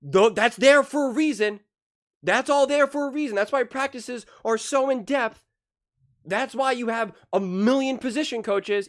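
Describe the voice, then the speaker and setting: A sports commentary channel host giving heated, opinionated commentary, stressing points by repeating key phrases. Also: mid-range voice.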